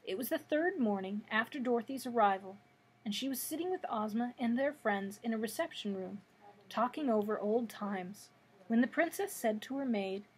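Breathy woman reading a storybook aloud. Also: on the high side, moderate pace. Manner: steady, expressive storytelling. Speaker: librarian. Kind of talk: reading a children's book aloud.

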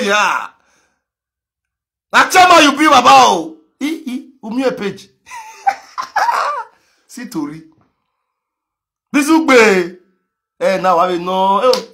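A man with a Nigerian Pidgin accent ranting on a live video, mocking others with frequent laughter and sudden shouts. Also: high voice. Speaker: social media commentator.

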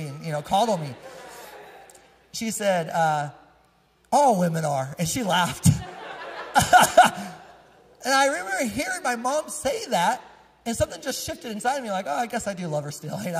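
A male pastor preaching a sermon through casual, joking personal stories, often laughing as he tells them. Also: high-pitched. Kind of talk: storytelling sermon. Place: church sanctuary. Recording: long echo of a church hall.

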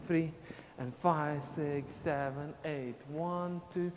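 A man's voice: a little high, steady tone, takes it slowly, a little mellow. A man teaching a live online dance class, explaining steps and counting beats aloud as he dances. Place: dance studio. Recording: long reverb, faint ambient noise.

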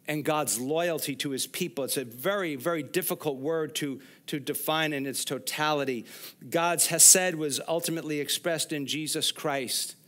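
A man's voice: a little high, fairly bright tone. A man preaching a sermon in a church, explaining scripture and asking the congregation questions. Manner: expository preaching, speaks to the congregation directly. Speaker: pastor. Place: church sanctuary.

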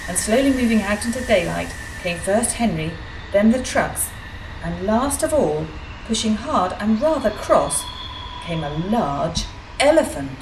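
A woman narrating a children's storybook in an expressive, animated reading. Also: mid-range voice, measured pace. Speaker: storybook reader. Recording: echoey room, far from mic, faint hiss.

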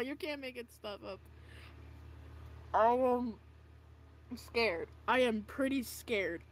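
A young woman casually vlogging about her old art, self-mocking and dramatic, with groans and giggles. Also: fairly high pitch. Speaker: video creator. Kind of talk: casual vlog reacting to own old art.

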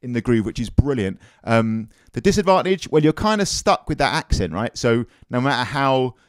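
A man's voice: mid-range voice, very animated, moderate pace, no echo. A man giving a drum lesson, explaining technique and counting beats aloud. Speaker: drum teacher. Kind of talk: instructional demonstration.

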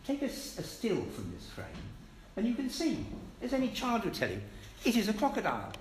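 A man's voice: sits high, wildly swooping pitch, fairly quick, a little hiss or hum. A British man giving an emphatic, scornful public lecture to an audience in a hall. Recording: echoey hall with faint ambience.

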